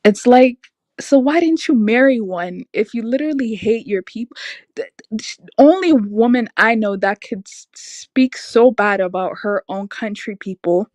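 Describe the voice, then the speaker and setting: A woman's voice: on the high side, measured pace, darkish tone, no room sound. A young woman hosting a livestream, ranting in a casual, emphatic, exasperated way with lots of "like" fillers. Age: young adult. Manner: exasperated, emphatic, frequent "like" and laughs. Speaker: livestream host. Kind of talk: casual opinion rant on a stream.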